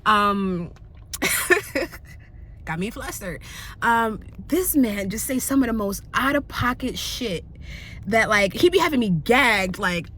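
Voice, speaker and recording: A young woman vlogging in candid casual chat, animated and slangy, often laughing. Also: a little high, slow pace, pauses often, slight background noise.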